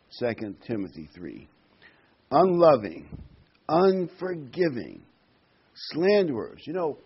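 A man preaching a sermon, emphatic, stressing single words with sudden loud peaks. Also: medium pitch, breathy edge, dull audio.

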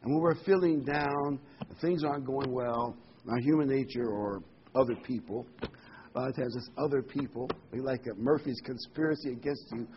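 A man's voice: mid-range voice, normal speed, highs cut off, a little hiss or hum. A man giving a sermon, earnest and emphatic, repeating key words and reading scripture aloud. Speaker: preacher.

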